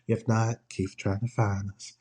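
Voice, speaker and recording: A man's voice: lowish voice, little pitch movement, a little slow, a little mellow. A man hosting a casual solo podcast from home, playful and laughing often as he talks. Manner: playful, laughs often, quotes TV clips in put-on voices. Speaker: podcast host.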